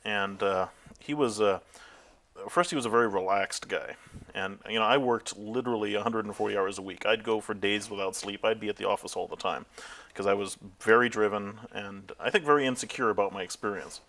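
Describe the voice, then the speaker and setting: A middle-aged man with a fairly low voice answers interview questions. He tells his stories with animation, breaking into laughter and acting out the voices of people he quotes. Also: a little fast. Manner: animated storyteller, acts out quotes, laughs often. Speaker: interviewee, tech founder. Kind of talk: oral history interview.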